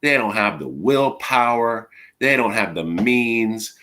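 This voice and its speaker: A man's voice: lowish voice, animated, takes it slowly, pushed and bright. Angry profane man in his forties ranting. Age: 40s. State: has a cold. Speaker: streamer. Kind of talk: ranting monologue to camera.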